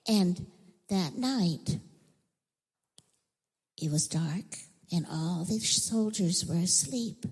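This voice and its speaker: Brief: woman teacher, children's Bible story, slow and animated, echoey church hall. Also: lowish voice, slightly rough. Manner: animated storytelling, acting out voices and whispering for effect.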